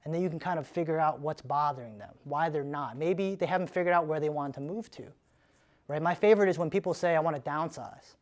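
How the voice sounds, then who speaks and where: A man coaching a room through a sales framework in a live training. His voice sits fairly high for a man, and he talks loosely and with energy, checking in with a quick "right?" after his points. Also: a little mellow.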